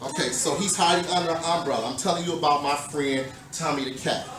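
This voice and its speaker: A woman teacher reading a picture book to small children, prompting them to repeat words slowly and emphatically. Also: sits low, crowd noise. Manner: slow, emphatic prompting with many repeated cues. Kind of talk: call-and-response classroom reading. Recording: echoey, distant, noisy room recording.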